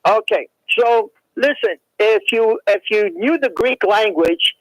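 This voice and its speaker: A man's voice: high voice, animated, measured pace, a little hiss or hum, low-quality recording. A man calling in to a radio talk show, teasing and needling the host. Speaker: caller. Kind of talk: call-in radio chat.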